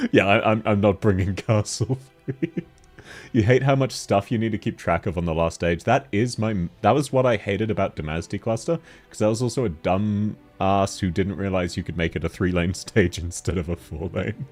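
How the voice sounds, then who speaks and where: A man with a deep timbre chatting casually and jokily while streaming a game, laughing often. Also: moderate pace, a little mellow, soft background music. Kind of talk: casual gaming stream chat.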